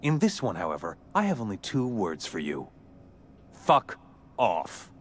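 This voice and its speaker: A man's voice: fairly low pitch, wildly swooping pitch, measured pace, slight background noise. An actor playing a pompous, ruthless corporate chairman villain in a video game, haughty and sneering, swearing coldly. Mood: contemptuous.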